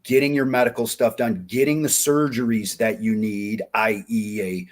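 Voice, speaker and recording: Man, 40s, low voice, folksy, animated storyteller, casual interview. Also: moderate pace. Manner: folksy, animated, acts out quoted dialogue. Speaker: podcast guest, diving company founder.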